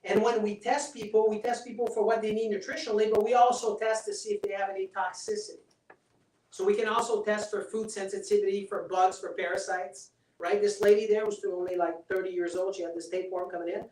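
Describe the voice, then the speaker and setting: During a live health seminar with a demonstration, a man talks persuasively and casually, regularly checking in with his audience in a seminar room. His high, darkish voice is fairly quick with fairly even intonation, and the distant mic makes the sound roomy.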